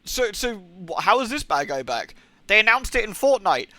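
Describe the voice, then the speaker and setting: A young man streams a game and talks over it in a bright, edgy voice that sits a touch high for a man. He rambles and swears freely, often breaking into rants of disbelief. The sound is dry and close. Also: sing-song, normal speed, no room sound. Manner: rambling and profane, incredulous rants. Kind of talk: casual live gaming stream chatter.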